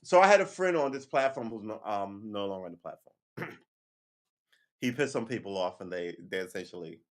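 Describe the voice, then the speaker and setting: A man's voice: fairly low pitch, animated, a little fast. A man hosting a casual livestream, ranting with heated emphasis, swearing often and checking in with "right?" between points. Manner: keeps asking "right?" and laughs between points. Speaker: livestream host.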